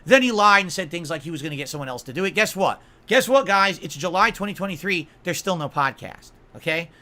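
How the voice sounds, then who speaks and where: A man's voice: a little high, expressive, fast talker, bright, forceful tone. A man on a livestream, ranting in an aggrieved, emphatic way, swearing and asking his viewers "right?" again and again. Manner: aggrieved, repeatedly asks "right?" and "okay?". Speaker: streamer.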